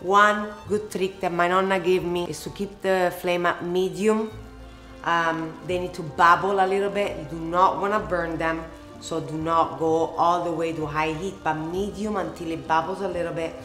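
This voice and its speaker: A woman from Italy with an Italian accent, hosting a casual cooking tutorial and answering questions in an expressive, emphatic way. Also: on the low side, normal speed, soft background music. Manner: expressive and emphatic, lingers on words. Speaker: cooking show host.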